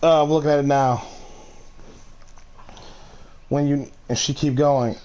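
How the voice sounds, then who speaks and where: A man's voice: a little high, fairly even intonation, a little slow, background noise. A man streaming a game, ranting casually in a rambling, profane way with many restarts. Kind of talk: casual ranting while gaming.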